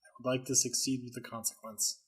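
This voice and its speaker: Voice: medium pitch, flat delivery, fast, slightly rough. A tabletop game player answering the game master in an amused way. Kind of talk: casual tabletop play.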